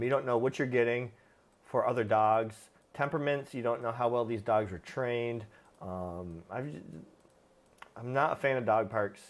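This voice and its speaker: Casual man answering dog questions live. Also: mid-range voice. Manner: plain-spoken, stern, many fillers. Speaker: livestream host, dog trainer.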